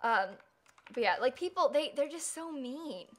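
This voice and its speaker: A woman's voice: high voice, expressive, normal speed. A young woman streaming live, chatting casually and rambling with lots of fillers as she reads chat and thanks viewers.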